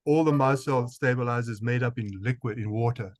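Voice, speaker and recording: South african guy doctor, middle pitch, dry sound, keeps repeating words as he restarts. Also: a little fast, dry recording. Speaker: guest physician. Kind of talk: interview answers.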